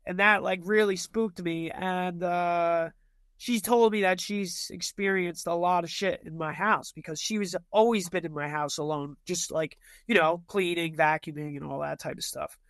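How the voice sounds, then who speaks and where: A man's voice: sits high, steady tone, moderate pace, fairly bright tone, clear, resonant tone, dry recording. A young man telling ghost stories in casual chat, rambling with lots of fillers and restarts. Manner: rambling, filler-heavy storytelling.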